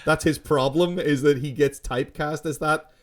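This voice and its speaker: A man's voice: on the high side, steady tone, normal speed. A man co-hosting a casual film podcast, giving frank, opinionated takes and swearing casually. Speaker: podcast co-host.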